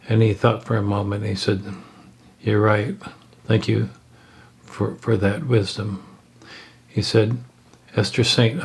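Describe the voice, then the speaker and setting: Slow, low-voiced man telling a story. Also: husky. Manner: halting, with frequent fillers and restarts. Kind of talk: unscripted spoken storytelling.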